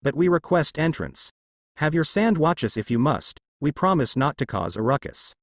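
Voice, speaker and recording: A man voicing a cold, serious young male ninja who speaks curtly with forced calm, in a story reading. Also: on the high side, moderate pace, no echo, clean studio sound.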